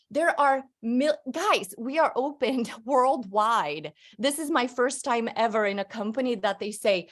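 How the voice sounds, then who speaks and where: A woman speaking as a guest on a conference call, giving an energetic, upbeat motivational talk. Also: high-pitched.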